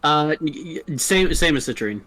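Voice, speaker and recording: A man's voice: fairly high pitch, lively intonation, moderate pace, pushed and bright, low-quality recording. Young man running a tabletop game. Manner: casual, swears, plays the townsfolk lines himself. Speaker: dungeon master.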